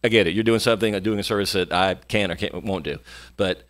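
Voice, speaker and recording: A man with a fairly low voice co-hosts a relaxed podcast conversation. He weighs his words, restarting now and then, and speaks in a measured, thoughtful way. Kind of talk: casual podcast chat.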